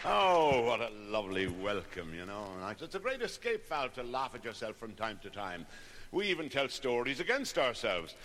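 A man telling folksy jokes and stories, putting on lively voices for the people in them. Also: medium pitch, normal speed, a crowd in the background, background noise. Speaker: comedian. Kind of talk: recorded stand-up storytelling. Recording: long hall reverb.

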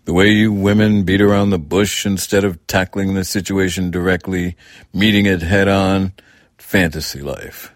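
A man's voice: low voice, fairly even intonation, normal speed, no room sound, clean studio sound, lightly acted. A man voicing a blunt, irritated father in a storybook reading, speaking in a curt, dismissive way.

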